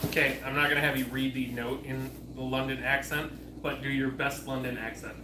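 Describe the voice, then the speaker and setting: A man's voice: mid-range voice, fairly even intonation, a little fast, reverberant, distant mic, noisy background. A joking, laid-back man co-hosting a casual chat. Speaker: co-host.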